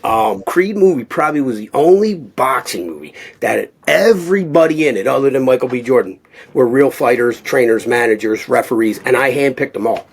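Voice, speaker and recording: Middle-aged Philly guy, husky, rambling and animated, mid-pitched. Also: brisk. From Philadelphia. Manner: animated, rambling, acts out quotes. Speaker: guest, boxing cutman. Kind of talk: casual storytelling interview.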